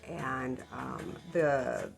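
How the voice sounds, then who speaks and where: A woman's voice: a bass voice, huge pitch swings, extremely slow, creaky. A woman vlogger telling a story in casual, rambling style, full of ums and likes, sheepish about her own part in it. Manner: self-deprecating, embarrassed about the story. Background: background music.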